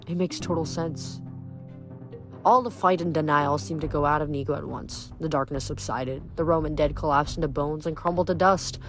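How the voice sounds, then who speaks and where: A woman reading a novel aloud in an even narrating voice, then musing on the chapter afterward. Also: low-pitched, fairly quick, hardly any pauses, soft background music. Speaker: book reader.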